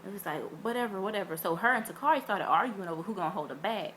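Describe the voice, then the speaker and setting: A young woman chatting straight to her camera, spinning a story with plenty of "like" and "um." She leans into the tale, her voice jumping up as she acts out what everyone said. The delivery is loose and animated, like she's talking to a friend. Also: medium pitch, very fast, a little hiss or hum. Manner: animated, acts out quotes with big voice swings; chatty with many fillers. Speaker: vlogger. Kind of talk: casual storytelling vlog.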